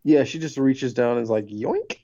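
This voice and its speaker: A young co-host cracks crude jokes while recapping a cartoon in casual chat. The voice is dark and gravelly, with a lively pitch. The recording is dry and a little dull. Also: brisk, no room sound. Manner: joking, crude asides. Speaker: podcast co-host.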